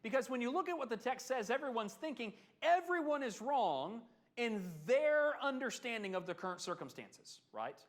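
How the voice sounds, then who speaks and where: Guy teaching a bible class, high voice that swoops all over, chatty, keeps asking the room questions. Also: normal speed. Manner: animated, conversational, asks the class questions. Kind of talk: adult Bible class lesson.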